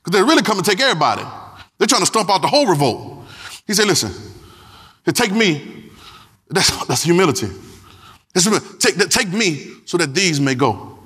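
High, forceful preaching man. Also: sing-song, a little fast, breathy edge, long reverb tail. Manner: emphatic, repetitive, calls out to the congregation. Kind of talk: sermon.

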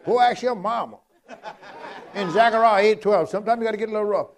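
A man's voice: high voice, fast. A man preaching a sermon in a folksy, repetitive, emphatic way, quoting Scripture.

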